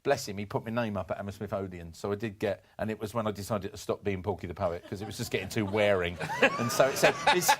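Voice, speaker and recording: A man in his fifties telling stories on a podcast, animated, with many restarts and bursts of laughter. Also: lowish voice, fast talker, hardly any pauses, background noise. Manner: animated anecdote-telling, jumps into comic voices for quoted people. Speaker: podcast guest, former performance poet. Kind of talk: casual storytelling chat.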